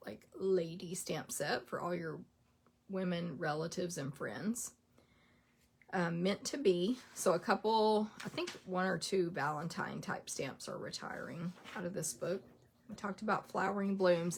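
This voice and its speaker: A chatty woman rattles through a list in a relaxed, casual rundown. Her fairly low voice has a gravelly, husky edge. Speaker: craft product demonstrator.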